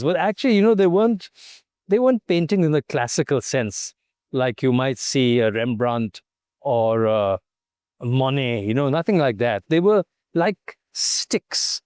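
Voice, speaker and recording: An older man, a Hindi speaker and former foreign correspondent, telling a personal story in a lively, anecdotal way full of "you know". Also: fairly high pitch, no echo, clean studio sound. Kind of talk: storytelling reminiscence.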